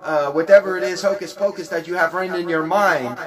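A man's voice: high-pitched, fairly quick, crowd noise. A man preaching in a blunt, profane, combative rant, hammering home his points with repetition. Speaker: religious teacher.

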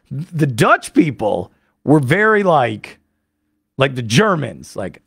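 A man hosting a sports radio show, telling a rambling, excitable story full of fillers into a studio microphone. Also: medium pitch, slow, creaky, slightly rough, dry recording. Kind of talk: animated monologue recapping a trip.

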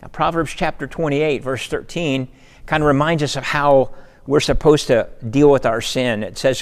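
A man's voice: medium pitch, steady tone, normal speed, big-room sound. A man preaching a sermon in earnest, repeating words and building to emphatic peaks. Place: church sanctuary.

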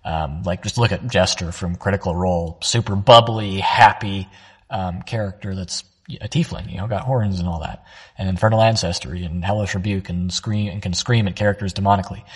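A man teaching voice acting, walking listeners through how a character might sound in a calm, reflective way. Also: sits low, brisk, breathy edge. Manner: explains voice traits in a calm, reflective way. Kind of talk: instructional talk.

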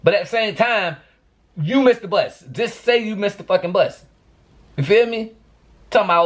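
A man's voice: high voice, moderate pace. A man vlogging to camera, venting in a profane, exasperated rant.

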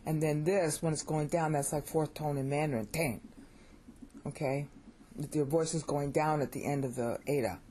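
An American woman with a low, mellow voice talks through a pronunciation lesson in a loose, opinionated way. She often restarts and repeats words as she works out her point. A faint hiss sits under the recording. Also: steady tone, moderate pace. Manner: opinionated, repeats words while thinking aloud. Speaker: language teacher.

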